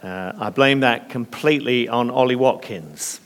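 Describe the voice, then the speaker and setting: Slightly hoarse preacher, echoing hall. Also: male voice, mid-range voice, unhurried. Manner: earnest, with hesitant fillers and softening in prayer. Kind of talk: sermon. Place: church. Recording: long reverb of a church hall.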